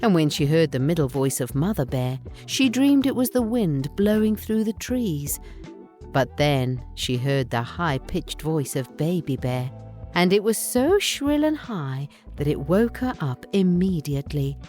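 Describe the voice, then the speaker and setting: A woman narrating a bedtime story in a slow, gentle, expressive reading. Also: low-pitched, soft background music.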